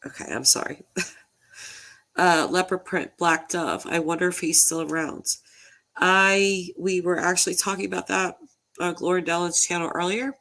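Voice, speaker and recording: On a livestream, a woman who makes true crime videos speaks casually in a fairly low, steady voice with a fairly bright tone. Fighting back tears makes her a little nasal, and she hesitates and repeats herself.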